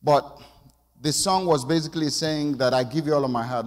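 A middle-aged man preaches a conversational sermon in a church sanctuary, frequently calling for responses from the congregation. His voice is medium-pitched and fairly quick, with long church reverb on the recording.

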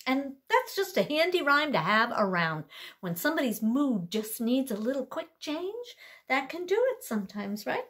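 A woman leading a library rhyme time for toddlers, talking gently and playfully to a baby doll. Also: high voice, big pitch swings, slow pace. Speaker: library storytime leader.

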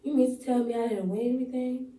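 A woman's voice: a little high, fairly even intonation, a little fast, dark tone, reverberant, distant mic, lightly acted, low-quality recording. A woman performing a monologue as a breathless, overexcited young woman who thinks she has won a prize. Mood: let down. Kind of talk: rehearsed acting-class monologue.

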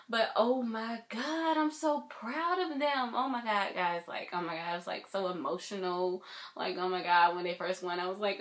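Excitable, gushing woman with a low voice. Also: moderate pace. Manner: excitable and gushing, with many exclamations. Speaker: YouTuber reacting to music videos. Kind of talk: casual reaction vlog chat.

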